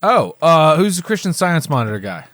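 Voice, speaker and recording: A man's voice: fairly high pitch, big pitch swings, normal speed, fairly bright tone, no room sound, studio quality. A man co-hosting a casual movie podcast, playful and hesitant, with many fillers. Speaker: podcast co-host.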